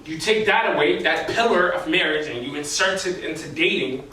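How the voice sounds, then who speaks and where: A young male preacher talking in a loose, chatty way full of fillers and slang. His voice sits slightly high and rings through a very echoey hall, picked up from far off with a faint hiss behind him. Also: expressive, moderate pace, sharp tone. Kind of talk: casual sermon. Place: church hall.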